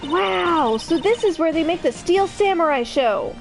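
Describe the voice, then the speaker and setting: A woman voicing a peppy, excitable young female sidekick with an eager manner. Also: very high-pitched, unhurried, creaky, over music, heavily acted. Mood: excited.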